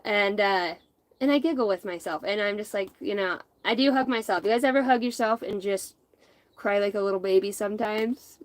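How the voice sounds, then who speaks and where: This is a middle-aged woman running an off-the-cuff spiritual reading on her channel. She rambles from thought to thought, cusses bluntly and laughs at herself. Her voice sits at a plain, ordinary pitch for a woman. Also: fairly quick, no echo, low-quality recording. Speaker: intuitive tarot reader.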